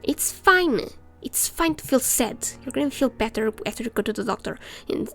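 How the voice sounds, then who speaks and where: A woman's voice: a little high, fairly quick, gravelly, faint music behind. A woman streamer chatting casually and ranting while she reads game text aloud. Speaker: let's play streamer.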